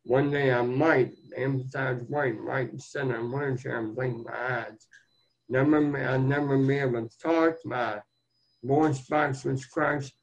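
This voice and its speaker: A man's voice: mid-range voice, steady tone, a little slow. An older man telling his life story as an interview guest, in an earnest, plain-spoken and folksy way. The recording sounds dull and lo-fi. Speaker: guest, motivational speaker.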